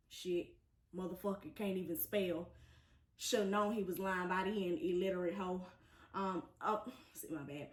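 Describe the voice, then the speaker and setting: Chatty young woman telling a story to her viewers, kinda high voice, roomy echo. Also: animated, unhurried, fairly bright tone. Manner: chatty and sassy, addresses viewers as y'all. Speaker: vlogger. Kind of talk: storytime vlog.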